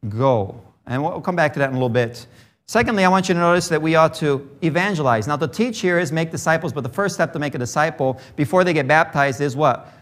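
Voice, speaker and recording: A man's voice: a little high, fairly bright tone. A man preaching a sermon who grew up in Brazil, moving from a childhood story into emphatic teaching on scripture.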